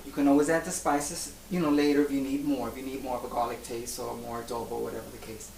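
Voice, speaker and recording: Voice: medium pitch, flat delivery, quick pace, gravelly, darkish tone. A flamboyant, campy cooking show host from Puerto Rico who chats casually through a home demonstration and keeps calling the viewers darling and honey. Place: home kitchen. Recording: echoey room from far off with faint noise.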